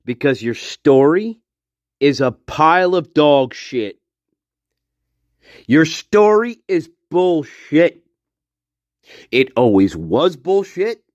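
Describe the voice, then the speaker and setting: High, lively man ranting on lo-fi audio. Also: very slow, pauses often, no room sound. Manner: profane, repetitive, accusatory. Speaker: true-crime commentator. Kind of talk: angry solo rant to camera. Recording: dull lo-fi dry recording.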